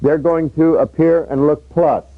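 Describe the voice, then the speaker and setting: A man's voice: on the high side, steady tone, measured pace. A portrait photographer talking his audience through a live studio session and coaxing his models as he works. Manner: coaxing, directing models with running commentary. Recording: dull lo-fi recording.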